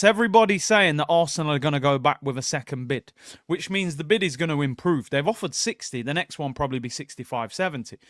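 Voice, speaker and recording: High-voiced man ranting to viewers. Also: a bit bright, no echo, studio quality. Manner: exasperated, ranting, keeps addressing viewers as people. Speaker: fan channel host. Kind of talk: live football watchalong rant.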